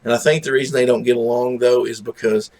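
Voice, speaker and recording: A man's voice: little pitch movement, fast talker, darkish tone, a little hiss or hum. A man hosting a live stream, chatting casually and rambling in a laid-back, self-deprecating way. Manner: coos at his dog in high baby talk. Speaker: livestream host.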